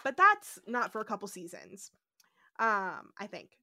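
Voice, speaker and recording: A woman hosting a podcast in casual chat, animated as she recaps a TV episode and acts out lines. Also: medium pitch, a little slow, gravelly, dry recording, clean studio sound. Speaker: podcast host.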